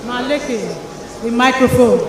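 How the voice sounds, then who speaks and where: A man acting as master of ceremonies, addressing dignitaries formally and slowly. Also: extremely high pitch. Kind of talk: formal event announcing. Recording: echoey hall, far from the mic, noisy.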